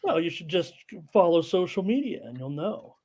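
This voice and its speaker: A middle-aged man co-hosting a live sports betting stream, talking in an excitable, jokey, rambling way. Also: high voice, moderate pace. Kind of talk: casual banter on live stream.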